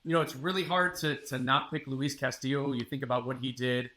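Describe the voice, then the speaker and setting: A man guest on a sports podcast giving confident, emphatic analysis at a measured pace. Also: medium pitch, bright, forceful tone. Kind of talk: interview analysis.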